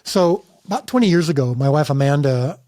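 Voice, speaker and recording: Guest filmmaker, middle-aged man from the States, earnest and emphatic, mellow and dry. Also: on the high side, animated, fairly quick, dry recording. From United States. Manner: earnest, emphatic storytelling with restarts. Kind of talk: candid interview conversation.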